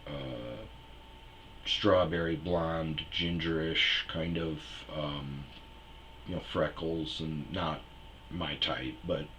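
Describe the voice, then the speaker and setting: A young man tells a rambling, crude personal anecdote in casual chat, acting out quotes along the way. His extremely low voice is flat and slow yet bright and forceful, with a little hiss or hum in the recording.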